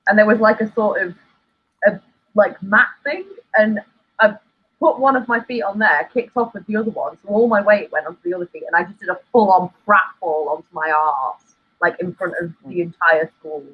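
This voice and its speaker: A woman on a comedy panel telling a story in a hesitant, halting way. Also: mid-range voice, breathy edge. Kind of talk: casual anecdote telling. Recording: muffled lo-fi line.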